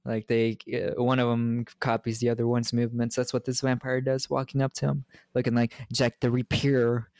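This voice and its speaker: A man's voice: medium pitch, monotone, moderate pace, gravelly, hardly any pauses, darkish tone, no room sound. A man from the United States co-hosting a casual movie podcast, rambling through the plot with jokes and frequent laughs. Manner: rambling, joking, laughs often. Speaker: podcast co-host. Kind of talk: casual movie recap chat.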